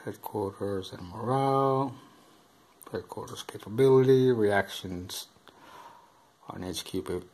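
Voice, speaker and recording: A man reading a rulebook aloud in a halting, hesitant way, full of ums and uhs, filmed on a camera above the table. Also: on the low side, darkish tone. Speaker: board game unboxing host. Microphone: camera filming over the table.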